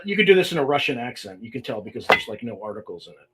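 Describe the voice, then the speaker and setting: A man's voice: medium pitch, very animated, very fast, heavy background noise. A man hosting a livestream podcast, talking casually and reading emails aloud with exasperated, sarcastic asides. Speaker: podcast host.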